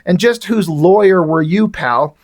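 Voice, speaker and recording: A man voicing a wisecracking, unbothered male superhero cop, read out in a casual, flat way. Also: high voice, unhurried. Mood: joking, unbothered.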